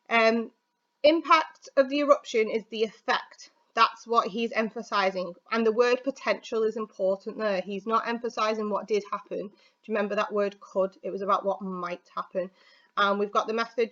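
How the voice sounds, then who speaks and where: A woman's voice: mid-range voice, steady tone, normal speed, a bit bright. A woman from the UK who teaches English, talking through an exam answer in a chatty, informal recorded video lesson. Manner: chatty, informal, thinks aloud with fillers. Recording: slightly dull, lo-fi audio.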